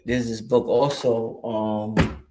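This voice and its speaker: Through very noisy audio comes a lowish, slow-paced male voice: a Brooklyn native on a relaxed livestream. He swears loosely, stays animated and streetwise, and talks right at his viewers while answering their chat messages.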